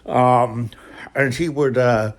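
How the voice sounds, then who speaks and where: A man's voice: mid-range voice, steady tone, slow. A man telling a rambling workplace story in a casual vlog, laughing now and then. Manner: chatty, rambling, laughs often. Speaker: vlogger.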